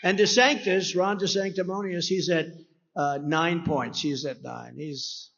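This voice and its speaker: A man's voice: on the high side, steady tone, measured pace, creaky, a bit bright, lo-fi sound, slight background noise. A man giving a rambling, conversational campaign rally speech at a podium microphone, acting out quoted dialogue. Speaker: political speaker at a rally. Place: rally venue.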